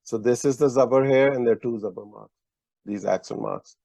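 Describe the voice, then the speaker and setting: A man's voice: mid-range voice, fairly quick, creaky, dark tone, no room sound, rough recording. A man teaching a language lesson over a video call, explaining letters patiently and methodically. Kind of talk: online lesson explaining script.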